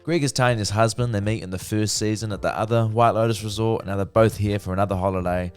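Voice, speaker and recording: A man's voice: fairly low pitch, fast, clear, resonant tone, soft background music. A man giving a casual, profane, chatty review of a TV series. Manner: chatty, profane, lively retelling. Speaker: TV review vlogger.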